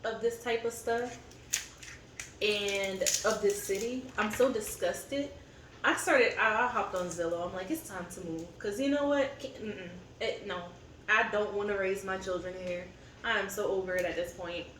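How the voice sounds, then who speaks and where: Her mid-range, fairly bright voice moves at a moderate pace as she rambles and vents with fillers, chatting candidly over a meal as co-host of a family eating channel. Recorded off-mic by a distant camera, the audio has roomy echo, faint ambience, and slight background noise.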